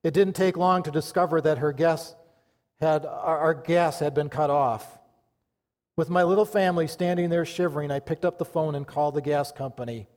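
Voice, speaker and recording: A male pastor preaching a sermon with fervor, rising loud and then dropping to a hush. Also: a little high, normal speed. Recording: long reverb of a large church hall.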